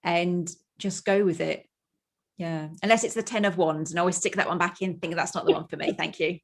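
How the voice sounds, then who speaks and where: Upbeat uk woman chatting on a podcast, kinda low voice, laughs a lot. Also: fairly even intonation, fairly quick. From United Kingdom. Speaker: podcast guest. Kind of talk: casual chat.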